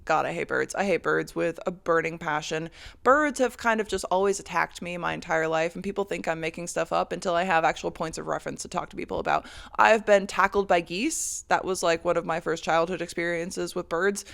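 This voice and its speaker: A woman's voice: on the low side, brisk, creaky, a bit bright. A woman hosting a podcast, telling a rambling, profane story as a casual monologue. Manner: rambling and profane, with frequent laughs. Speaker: podcast host.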